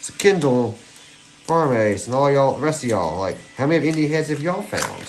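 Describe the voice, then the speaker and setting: A man, hosting a live stream and chatting excitedly with viewers. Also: mid-range voice, normal speed, soft background music. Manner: excitable, giddy, chats to viewers. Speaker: livestream host hunting coins. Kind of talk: casual live-stream chat.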